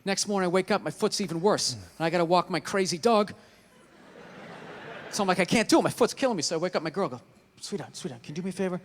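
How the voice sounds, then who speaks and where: A man's voice: sits high, animated, fast. A middle-aged man doing stand-up comedy, telling stories in a profane, ranting way.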